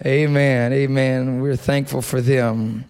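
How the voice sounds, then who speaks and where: A young adult man preaching a sermon in a church, leading the congregation in call and response and building to loud prayer. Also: medium pitch, flat delivery, slow, smooth. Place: church sanctuary.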